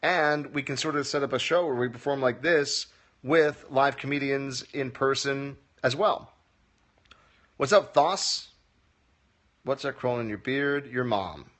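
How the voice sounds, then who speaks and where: A man's voice: mid-range voice, a bit bright. Wry man answering livestream comments. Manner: wry, joking, reads comments aloud and answers. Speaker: comedy teacher answering viewer questions. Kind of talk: casual livestream Q&A. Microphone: phone livestream.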